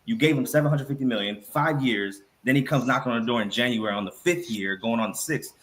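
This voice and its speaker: A man's voice: medium pitch, fast, fairly bright tone. A man calling into a chat show, ranting in slang and piling up opinions. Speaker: caller. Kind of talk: casual chat.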